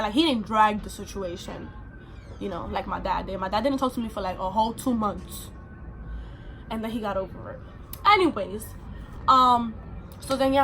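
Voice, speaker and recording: A woman's voice: a little high, fairly bright tone, a little hiss or hum. A young adult woman vlogger telling a personal story in a casual, rambling way, full of fillers.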